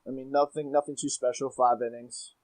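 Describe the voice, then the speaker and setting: A man's voice: medium pitch, flat delivery, brisk, a little mellow, low-quality recording. A young man co-hosting a casual sports podcast, talking hesitantly with many restarts. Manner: hesitant, restarts often, laughs easily. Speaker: podcast co-host.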